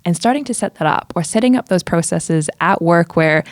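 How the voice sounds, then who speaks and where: A woman, a security expert guest talking in casual podcast chat, animated, with quick bursts of emphasis. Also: fairly low pitch, no echo, studio quality.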